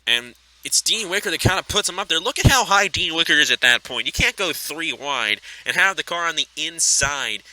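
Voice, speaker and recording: Bright, excitable male race commentator. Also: rough recording. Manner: excitable, pitch shooting up at close racing; chatty, explains replays. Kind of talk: sim racing play-by-play commentary.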